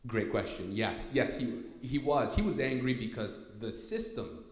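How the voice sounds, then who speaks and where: A man giving a workshop talk to an audience, telling a personal story with lively energy and often asking "okay?" to keep the room with him. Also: mid-range voice, unhurried. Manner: animated, repeats "okay?" to check in with listeners. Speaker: workshop speaker. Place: church hall. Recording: echoey hall with long reverb.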